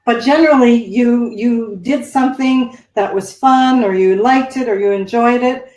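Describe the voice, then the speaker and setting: A woman coach speaks as an interview guest, explaining things thoughtfully in a slightly high voice. She sounds set back from the mic in a roomy, echoing space. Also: normal speed, darkish tone, distant mic. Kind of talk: conversational interview.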